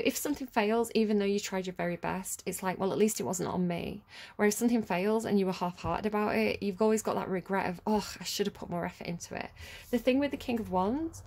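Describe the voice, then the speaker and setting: A woman's voice: mid-range voice, a little mellow. A woman giving a casual tarot reading, rambling and chatty as she drifts off on tangents. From United Kingdom. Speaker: tarot reader.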